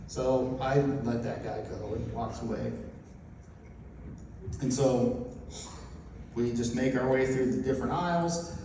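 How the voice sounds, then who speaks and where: A man's voice: medium pitch, slow, pauses often. A man telling a story as a preacher, acting out the voices of the people in it. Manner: animated storyteller acting out dialogue. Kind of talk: storytelling sermon. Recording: echoey hall from far off, noisy.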